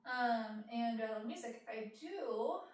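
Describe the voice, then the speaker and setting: A young adult woman hosting an ASMR channel, chatting softly and partly whispering as she answers viewer questions, with lots of fillers. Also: fairly high pitch, animated, a little slow, very echoey, distant mic, rough recording. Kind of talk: soft-spoken Q&A chat.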